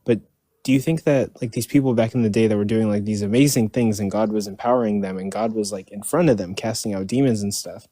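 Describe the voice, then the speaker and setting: Man debater, low mellow voice, dry close sound, hesitant questioner. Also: fast, no room sound. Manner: hesitant, many fillers. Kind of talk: live-stream debate. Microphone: live-stream mic.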